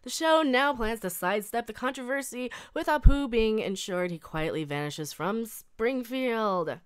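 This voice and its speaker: A woman's voice: fairly high pitch, lively intonation, measured pace, clean tone. A woman in her thirties reading a news article aloud and breaking into blunt, profane rants, often restarting her sentences. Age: 30s. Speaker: reaction video host.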